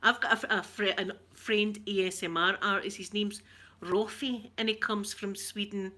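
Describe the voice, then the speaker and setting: A middle-aged Scottish woman, an ASMR livestreamer, reads viewer comments and chats casually with her live audience, rambling, laughing often and greeting people by name. Her mid-range voice sounds pushed and bright, with little pitch movement at a normal speed.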